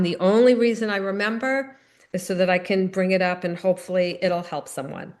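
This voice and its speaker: A woman's voice: mid-range voice, brisk, darkish tone. A middle-aged woman giving a recovery meeting talk, telling personal stories in an earnest, conversational way.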